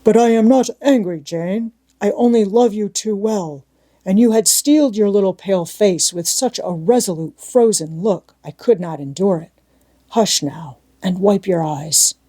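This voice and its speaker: Woman voicing Rochester, an anguished pleading gentleman. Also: mid-range voice, normal speed, lightly acted. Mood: tender.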